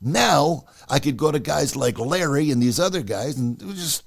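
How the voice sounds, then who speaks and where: A man's voice: a little high, normal speed, creaky. A man hosting a podcast, telling a personal story in a casual way and acting out the dialogue as he goes. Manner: animated, acts out the dialogue. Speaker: podcast host.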